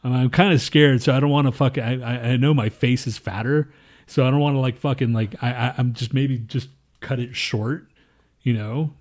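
A man's voice: mid-range voice, steady tone, moderate pace, darkish tone. A man in his thirties co-hosting a podcast, telling a long story in a rambling, profane way and acting out his coworkers' lines. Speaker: podcast co-host. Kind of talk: casual chat.

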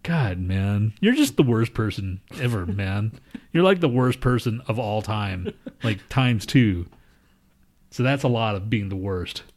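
A man's voice: on the low side, measured pace. A man co-hosting a podcast, swearing and laughing through casual banter. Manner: laughing, swearing, lively teasing. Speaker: podcast co-host.

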